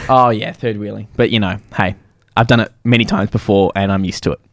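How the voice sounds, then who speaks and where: A man's voice: lowish voice, fairly even intonation, a little fast, dry recording, studio quality. A young man co-hosting a casual podcast, telling a rambling story and cutting himself off often. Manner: rambling, self-interrupting storyteller. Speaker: podcast co-host. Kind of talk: casual chat.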